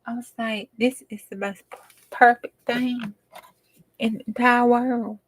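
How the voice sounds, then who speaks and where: A woman's voice: on the high side, flat delivery, measured pace. A woman chatting casually while she crafts, often dropping to a whisper. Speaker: craft channel host.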